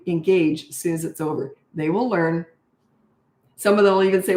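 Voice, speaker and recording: The room is echoey as an older woman fields parents' questions live, her darkish voice fairly quick with fairly even intonation. She coaches them plainly and directly, putting on high voices to play the kids.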